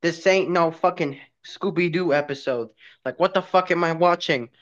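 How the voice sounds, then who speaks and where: A man's voice: fairly high pitch, moderate pace, dull audio. A young man giving profane, incredulous roast commentary on a cartoon.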